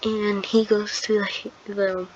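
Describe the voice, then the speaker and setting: Woman, rambling improvised story, lots of um and restarts, flat delivery, lo-fi recording with noticeable background noise. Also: medium pitch, slow pace. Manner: rambling and hesitant, with many fillers and restarts. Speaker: channel host telling a fan story. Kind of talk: improvised fan-fiction retelling. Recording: dull lo-fi sound with clear background noise.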